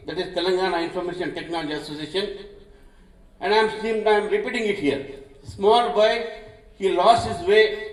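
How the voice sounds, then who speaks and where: A man with an Indian accent giving an impassioned political speech at a public meeting. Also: high-pitched. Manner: impassioned, declamatory. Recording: echoey hall, mic from far off.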